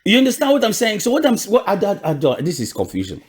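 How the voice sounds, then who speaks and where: A man with a Cameroonian accent delivers a fiery political monologue. His fairly high voice leaps up and drops low from phrase to phrase, and he hammers his questions home through repeats and restarts. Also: huge pitch swings, fast. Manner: repeats questions with emphatic restarts and sudden pitch jumps. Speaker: political commentator.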